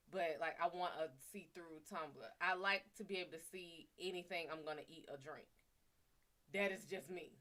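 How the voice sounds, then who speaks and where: Bright-voiced woman telling a story on a stream. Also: lowish voice. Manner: profane, chatty, talks to viewers. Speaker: livestream host. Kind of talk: casual storytelling on a livestream.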